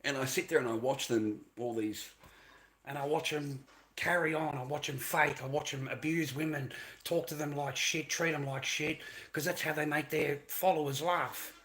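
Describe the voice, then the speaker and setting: Male streamer, bright edgy voice, profane heated rant to camera. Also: on the high side, steady tone, moderate pace. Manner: profane, heated ranting with repetition. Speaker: livestream host. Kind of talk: ranting live stream monologue.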